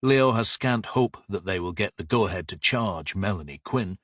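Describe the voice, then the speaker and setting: A man reading a crime audiobook in calm, even narration. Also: low-pitched, moderate pace, dry recording, clean studio sound. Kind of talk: scripted narration.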